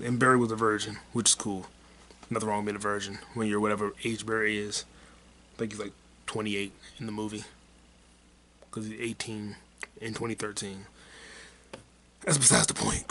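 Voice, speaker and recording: A man's voice: lowish voice, a bit bright, a little hiss or hum. A man hosting his own podcast, rambling through a casual solo monologue in a crude, heated way and mocking people with repeated put-downs. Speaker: podcast host.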